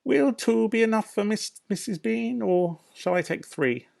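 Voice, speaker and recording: A man's voice: on the high side, unhurried, gravelly, a bit bright, pitched above the performer's own voice. A man voicing a big, meek housemaid who answers dutifully and mutters to herself, in a storybook reading.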